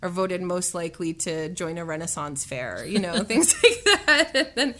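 A woman's voice: on the low side, sing-song, moderate pace, fairly bright tone. Young woman, interview guest, bubbly, chatty, laughs a lot, lots of fillers. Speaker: musician and voice actor guest. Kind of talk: casual interview chat.

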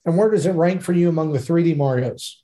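A man's voice: a little high, quick pace, dark tone. A man in his forties co-hosting a casual podcast, reading out listener comments with self-deprecating jokes. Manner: joking, self-deprecating, laughs often.

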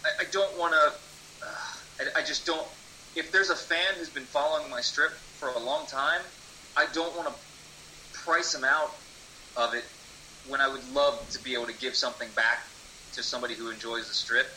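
A man who draws a comic strip, guesting on a podcast and speaking hesitantly with halting restarts. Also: mid-range voice, fairly even intonation, bright, forceful tone, slight background noise, rough recording. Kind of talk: casual podcast chat.

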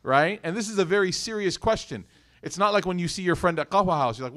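A man giving a religious lecture in a casual, lively way, often asking the audience rhetorical questions and adding humorous asides. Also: sits high, moderate pace. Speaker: Islamic lecturer.

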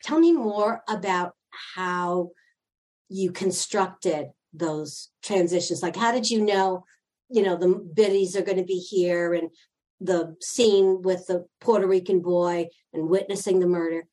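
A woman's voice: on the low side, unhurried, warm tone. An older woman, herself an actor, interviewing a guest with curious, probing questions. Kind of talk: conversational interview.

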